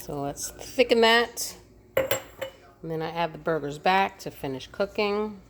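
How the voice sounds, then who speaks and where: A woman's voice: on the low side, animated, a little slow, a little hiss or hum. A woman vlogging in her home kitchen, chatting casually as she talks through each cooking step.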